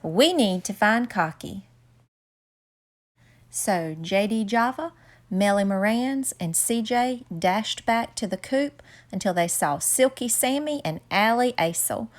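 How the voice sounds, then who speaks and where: A woman's voice: fairly high pitch, animated, a little slow. A woman reading a children's picture book aloud with dramatic, suspenseful narration. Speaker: storyteller. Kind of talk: storybook read-aloud.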